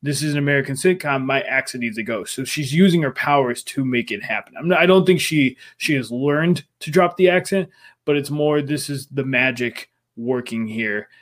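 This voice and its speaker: A man co-hosting a podcast, talking in a casual recap chat and theorizing with excitement. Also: medium pitch, moderate pace. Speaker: podcast co-host.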